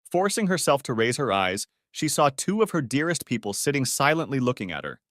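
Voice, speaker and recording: A man narrating a dramatic family story in an expressive reading. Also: mid-range voice, brisk, dry recording, studio quality.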